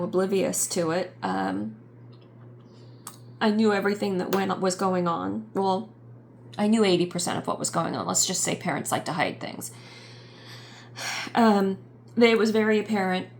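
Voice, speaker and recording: A middle-aged woman giving a personal vlog update, talking in a halting, reflective way with many pauses and fillers. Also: mid-range voice, creaky, a little hiss or hum. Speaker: YouTube channel host.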